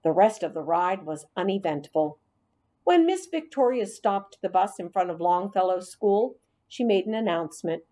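A woman's voice: mid-range voice, animated, moderate pace, dark tone. A woman narrating a children's storybook in the first person as a hamster, reading expressively.

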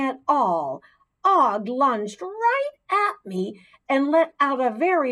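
A woman narrates a children's storybook, slow and unhurried, with a lively, rising and falling melody. Her reading is expressive and gently dramatic. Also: high-pitched, poor audio. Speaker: audiobook narrator.

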